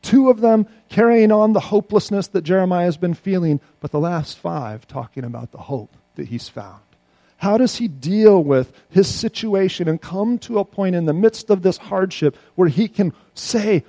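A man preaching a sermon, swinging between loud, pleading outbursts and quiet, low asides. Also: expressive, a little slow, creaky, no echo. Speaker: pastor.

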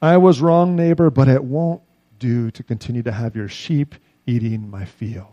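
Man playing a remorseful old-time squire, eager and loud, rushes his words, warm dry voice. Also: medium pitch, steady tone, dry recording, dull audio, natural voice. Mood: earnest. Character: earnest repentant landowner man, eager.

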